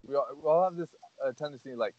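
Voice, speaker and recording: A man's voice: mid-range voice, fast talker, no echo. A man hosting a casual podcast, talking earnestly in a rambling way with lots of "like" and "you know". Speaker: podcast host. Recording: dull lo-fi audio.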